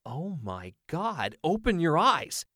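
A man's voice: on the high side, sing-song, normal speed, fairly bright tone, no room sound, clean studio sound, voice pushed up. A man reading an audiobook, voicing an eager, insistent teenage boy in a raised, breathless voice. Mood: excited. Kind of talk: audiobook character voice.

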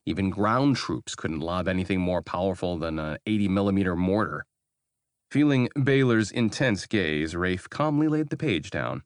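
A man reading narration from a science fiction audiobook in a measured storytelling manner. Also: low-pitched, lively intonation, no echo, clean studio sound. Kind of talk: scripted narration.

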